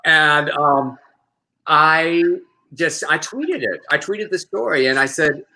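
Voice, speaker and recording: Fired-up man, bright voice. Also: on the high side, expressive, slow, rough recording. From Texas. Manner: heated, profane, stammering restarts. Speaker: co-host. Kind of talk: casual chat.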